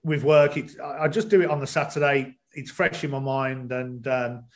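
A man's voice: mid-range voice, fairly even intonation, normal speed. A man guesting on a talk show, speaking hesitantly with lots of ums, over a video call. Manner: hesitant, many ums and restarts. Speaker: guest, stadium announcer. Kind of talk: casual podcast chat.

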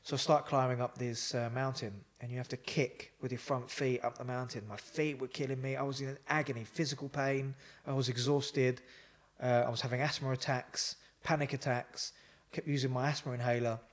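A man, a psychotherapist guest telling a lively story in a casual interview. He swears and laughs as he talks. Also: medium pitch, a little fast, few pauses.

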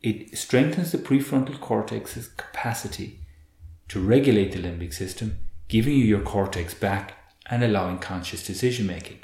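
Low-voiced man explaining earnestly. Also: normal speed. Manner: earnest, animated, repeats words as he restarts. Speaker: guest expert. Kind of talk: conversational explaining. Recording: roomy echo.

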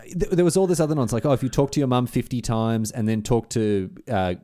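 Podcast co-host, male, brisk delivery, lively storyteller doing little voices for his friends. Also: mid-range voice. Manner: animated anecdote-telling, quotes friends in exaggerated voices. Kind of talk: casual chat, storytelling.

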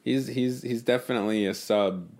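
An easygoing young man co-hosting a podcast in casual chat. His voice sits in a middle pitch, and he agrees readily and laughs along with his co-host. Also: fairly even intonation, normal speed, darkish tone, a little hiss or hum. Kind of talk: casual chat after an improv episode.

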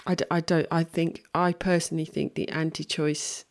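Earnest low-voiced woman chatting. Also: little pitch movement, normal speed. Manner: earnest, thinks aloud with restarts and laughs. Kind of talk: casual conversation.

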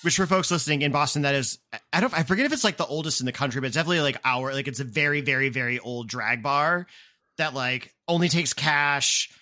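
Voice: medium pitch, fast, sharp tone. A game master narrating a tabletop game in a chatty way with many fillers.

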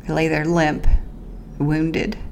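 Woman, podcast host, first-person storytelling, earnest, halting, lowish voice. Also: flat delivery, vocal fry, darkish tone, slight background noise. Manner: earnest, halting, with pauses and restarts; speaks of faith and prayer. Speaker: podcast host recounting her own survival.

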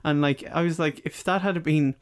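A man's voice: on the high side, fairly even intonation, normal speed, clear, resonant tone. Sardonic man ranting about a film. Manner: sardonic, ranting, mocking voices. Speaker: film review podcast co-host. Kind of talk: casual chat.

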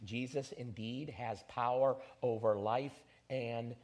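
A pastor preaching an animated sermon and leading his congregation in call-and-response. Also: medium pitch, takes it slowly.

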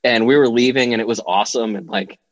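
A middle-aged man telling stories as a podcast guest, lively and chatty, acting out what people said in raised voices. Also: fast talker, dry recording. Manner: animated storyteller, acts out quotes in high voices. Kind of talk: casual storytelling chat.

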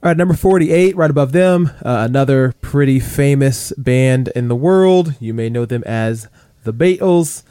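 A man's voice: mid-range voice, normal speed, warm tone, clear, resonant tone, dry recording. A man co-hosting a casual chart countdown podcast, chatty and full of fillers. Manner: chatty, many fillers like "you know" and "like".

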